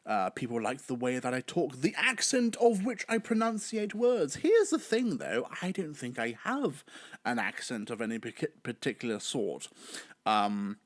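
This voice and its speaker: A young man with a British accent talks through a solo podcast, rambling and chatty. His pitch leaps around with animated bursts, and the close, dry sound has almost no room in it. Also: normal speed, no room sound. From Britain. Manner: rambling, chatty, theatrical outbursts. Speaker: podcast host.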